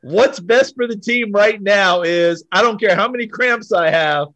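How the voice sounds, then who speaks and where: Unhurried male interviewer, high dry voice. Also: bright, forceful tone, dry recording. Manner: unhurried, reacts with short affirmations. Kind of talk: conversational interview.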